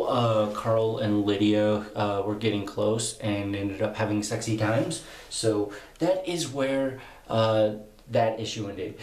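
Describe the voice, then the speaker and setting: Rambling young man in an echoey room. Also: lowish voice. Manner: excited, rambling, many fillers. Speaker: comic book reviewer. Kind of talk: casual rambling review. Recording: roomy echo.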